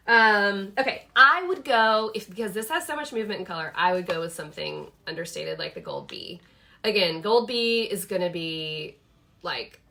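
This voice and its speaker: A woman's voice: mid-range voice, a bit bright. A woman, hosting a casual live product chat from her home office. She is chatty and enthusiastic, thinking aloud with many fillers. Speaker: host showing her planner products.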